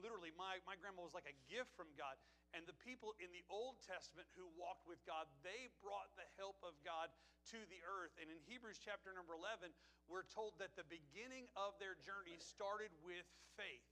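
A man's voice: high voice, bright, forceful tone, rough recording. A male pastor, preaching a sermon and telling folksy, heartfelt family stories. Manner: folksy storytelling, emotional about family.

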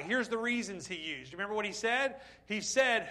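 Bright, high-voiced male preacher. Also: moderate pace. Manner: animated, rhetorical questions to the congregation. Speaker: pastor. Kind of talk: sermon.

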